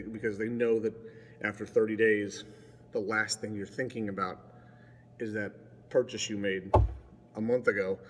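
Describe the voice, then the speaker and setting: A man's voice: mid-range voice, fairly bright tone, a little hiss or hum. Man, casual digressive vlog talk, echoey room. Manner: digressive, chatty, self-mocking. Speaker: vlogger. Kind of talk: casual rambling monologue to camera.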